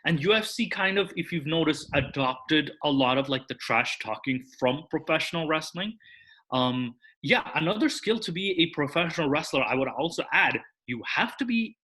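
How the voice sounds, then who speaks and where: A man with a fairly high, bright voice and a forceful tone, guesting on a podcast. He explains things at length in casual chat, rambling and restarting sentences, and keeps tacking "that is" onto his points.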